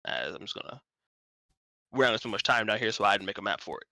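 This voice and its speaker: A man's voice: fairly low pitch, lively intonation, racing, pushed and bright, dry recording, low-quality recording. A man narrating as game master in a tabletop game stream, casual and rambling. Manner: rambling, casual, self-correcting.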